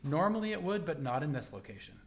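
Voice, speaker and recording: Guy game master narrating an rpg session, slightly high voice, lots of ums. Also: fast talker, a little hiss or hum. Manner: relaxed, hesitant narration with ums.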